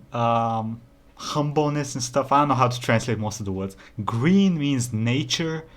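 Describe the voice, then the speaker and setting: A young man from Bulgaria, hosting a casual reaction video and talking bluntly, with frequent swearing. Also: mid-range voice. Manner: blunt, swears often, easily annoyed.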